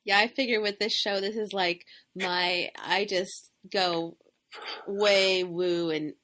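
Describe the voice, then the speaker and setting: A woman hosting an interview, soft-spoken and affirming in casual conversation. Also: medium pitch, steady tone, slow. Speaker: host.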